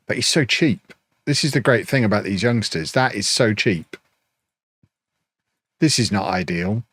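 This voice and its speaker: A man's voice: on the low side, a bit bright, no room sound, clean studio sound. A man live-streaming a football management game, chatting and thinking aloud with mock indignation.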